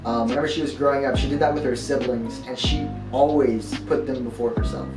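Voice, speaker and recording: A man's voice: medium pitch, steady tone, brisk. Earnest young man in a roomy space. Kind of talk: casual talk about his girlfriend. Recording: roomy, distant, music behind.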